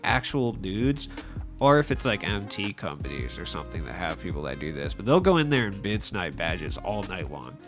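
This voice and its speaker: A young man narrates a gaming video in a lowish, fairly bright voice that sounds nasal and stuffed up from allergies. He rambles, pokes fun at himself, and says "like" a lot. It's a casual voice-over commentary by a gaming YouTuber, with no face cam.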